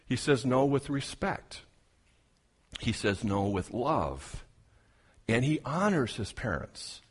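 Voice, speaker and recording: A male pastor preaches a sermon in an earnest, expressive manner. His voice sits at a medium pitch, and he slows down for dramatic pauses while he retells the story. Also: slightly rough.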